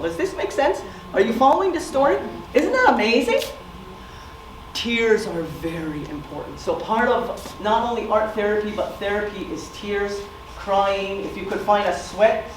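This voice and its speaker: At a community presentation, a middle-aged woman tells stories and quizzes her audience. Her voice is medium-pitched, and the distant recording in an echoey room carries slight background noise.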